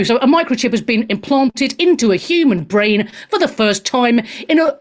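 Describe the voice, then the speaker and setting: A woman hosting a radio talk show, chatting through the news in a rambling, opinionated way and laughing often. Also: on the high side. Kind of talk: casual opinionated news chat.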